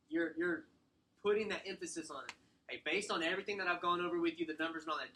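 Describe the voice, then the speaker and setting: A man giving a sales training talk to a small room, acting out client scripts and slowly stressing short commands. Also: fairly high pitch, sharp tone, slight background noise, rough recording. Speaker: real estate sales trainer.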